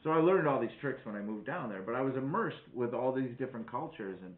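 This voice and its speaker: A man's voice: medium pitch, expressive, fast talker. A middle-aged man from Wisconsin telling stories in casual chat, rambling and swearing freely. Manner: profane, rambling storyteller. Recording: echoey room, tinny phone-like sound.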